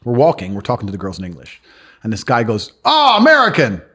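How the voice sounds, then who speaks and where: Here a London man talks fast in a lowish, breathy-edged voice. As a podcast guest in casual conversation, he boasts crudely and brashly, acting out other people's dialogue.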